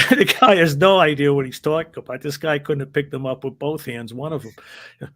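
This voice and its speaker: A man's voice: fairly high pitch, moderate pace, fairly bright tone. A man, a former wrestling referee, telling anecdotes in an interview in a hesitant, rambling way and chuckling as he goes. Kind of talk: casual anecdotal storytelling.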